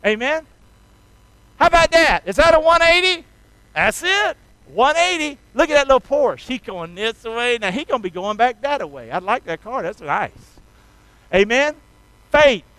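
A man with a strikingly high, smooth voice preaches an energetic sermon. He calls on the congregation to repeat after him in a folksy, emphatic style. The sound is close and dry. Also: moderate pace, no echo, poor audio. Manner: energetic call-and-response with the congregation. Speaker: pastor.

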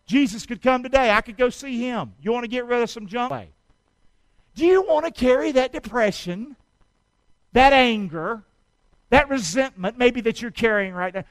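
Male pastor, high pitched, dry close-miked sermon with call-and-response. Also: expressive, normal speed, no room sound, rough recording. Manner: call-and-response preaching, shouting exhortations.

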